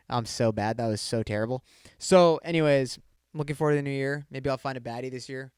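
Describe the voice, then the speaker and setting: A man in his mid-twenties rambles through a casual solo podcast and swears freely. His voice is smooth and mid-pitched. It sits dry and close on the mic. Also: brisk, darkish tone, dry recording. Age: 20s. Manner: rambling, swears a lot, says "dude" often. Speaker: podcast host.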